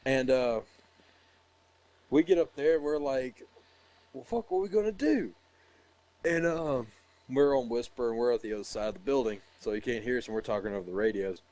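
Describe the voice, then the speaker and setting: A man's voice: medium pitch, fairly quick, no echo. A man casually telling a story among friends, swearing freely and laughing often. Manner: profane, animated, laughs often.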